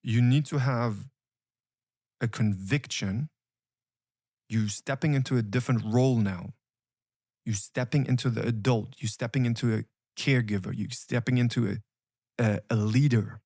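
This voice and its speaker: A man speaks as a coach, pressing his points with urgent conviction and repeating key phrases over and over. His voice sits at an ordinary middle pitch. The sound is dry and close, with no room around it. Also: moderate pace, long pauses, darkish tone, no echo. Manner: emphatic, repetitive, urgent. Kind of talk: motivational coaching talk.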